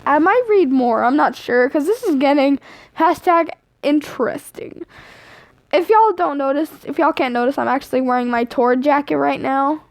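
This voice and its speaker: A woman's voice: sits high, normal speed, no room sound, poor audio. Chatty young woman reading a story. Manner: chatty, easily distracted, breaks off to joke. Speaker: livestreamer reading fan fiction. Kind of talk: casual live reading of a story.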